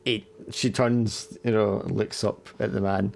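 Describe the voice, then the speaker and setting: Relaxed tabletop game master with a gravelly, mid-pitched voice. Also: measured pace. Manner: relaxed, casual, with many fillers.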